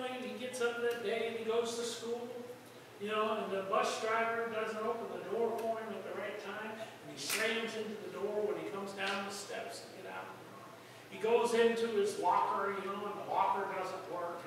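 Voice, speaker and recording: A male pastor preaches in a folksy, storytelling way, his high voice bright and ringing. He breaks into sudden loud outbursts. The sound carries a long hall echo and comes from well away from the mic. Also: slight background noise. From United States. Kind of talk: sermon. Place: church sanctuary. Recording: echoey hall from far off.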